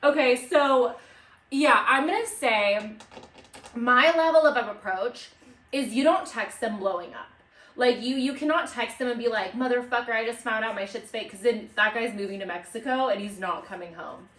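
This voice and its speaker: A woman's voice: a little high, moderate pace. A young woman co-hosting a podcast, telling stories with lots of swearing and acted-out quotes. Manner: animated storytelling, swears freely, acts out quotes. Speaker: podcast co-host. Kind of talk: casual chat. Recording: echoey room, mic at a distance.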